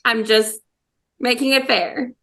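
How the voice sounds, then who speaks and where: A woman playing a tabletop game, chatting casually and quick to offer help. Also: on the high side, steady tone, creaky, a bit bright. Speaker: player.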